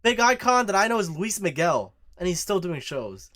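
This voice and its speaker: A man's voice: high-pitched, sing-song, normal speed, fairly bright tone. Young male reaction streamer, profane and mocking, casual delivery. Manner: crude, mocking, profane banter.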